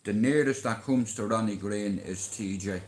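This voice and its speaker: A man's voice: fairly low pitch, normal speed, darkish tone, echoey room. An Irish man hosting a casual livestream, talking in a boastful, rambling way with plenty of swearing. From Ireland. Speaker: livestream host.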